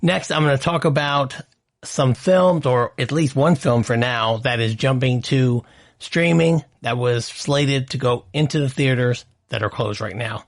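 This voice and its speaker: A man's voice: medium pitch, a little slow. A man hosting a podcast, chatting and ranting in a casual, opinionated way. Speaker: podcast host.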